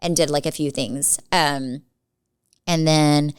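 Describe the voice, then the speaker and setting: A woman in her forties co-hosting a podcast, telling animated stories in casual chat and acting out other people's lines. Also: low-pitched, slow, clean tone, no echo. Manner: animated storyteller acting out quotes. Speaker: podcast co-host.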